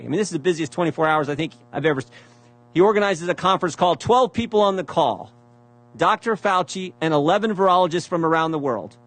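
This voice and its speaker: A man giving a prepared speech at a hearing, reading out emails, repeating phrases for emphasis and asking pointed rhetorical questions. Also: fairly high pitch. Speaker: speaker presenting evidence at a hearing.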